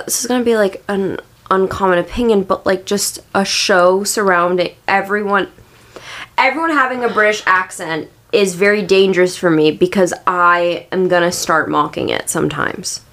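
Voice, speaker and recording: A woman's voice: mid-range voice, moderate pace, a bit bright. A woman co-hosting a podcast in candid, casual chat, talking with lots of fillers. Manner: chatty, filler-heavy, candid. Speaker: podcast co-host.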